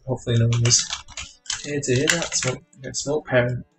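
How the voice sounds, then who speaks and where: A man's voice: mid-range voice, steady tone, brisk, rough recording. A man streaming his game programming, thinking aloud and muttering to himself as he types code. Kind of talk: live coding narration. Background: music and keyboard typing.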